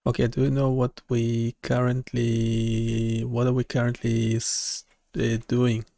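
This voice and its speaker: A man developer streaming live, talking casually and haltingly as he thinks aloud, with many fillers. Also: mid-range voice, completely flat delivery, vocal fry, dark tone, no echo, studio quality.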